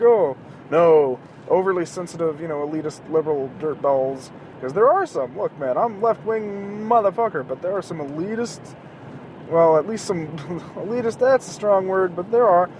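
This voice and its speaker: Man in his thirties, slightly high voice, profane rambling podcast host talking in a car, faint traffic noise behind. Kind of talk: casual solo rant. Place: in a car driving home at night. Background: faint passing traffic.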